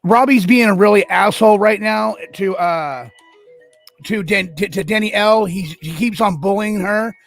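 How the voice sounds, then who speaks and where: A man's voice: high-pitched, moderate pace, creaky, a bit bright, soft background music. A man hosting a live stream chat, hesitant and polite, with many fillers and restarts, a little tired. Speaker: stream host.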